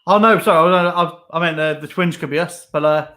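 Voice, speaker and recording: A man's voice: fairly high pitch, brisk, bright, forceful tone. A man co-hosting a casual live chat show, easygoing with self-deprecating banter. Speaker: co-host.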